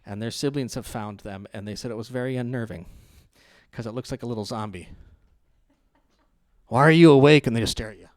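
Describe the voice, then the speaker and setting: A young adult man pastor preaching a sermon in a conversational, storytelling way, laughing often and growing loud and animated in his stories. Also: fairly low pitch, fast talker, no echo, studio quality. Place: church.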